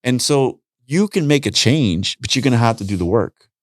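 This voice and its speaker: Speaking at an ordinary pace and medium pitch, this middle-aged podcast guest chats casually and animatedly, acting out the lines of his stories. It's studio quality, without echo.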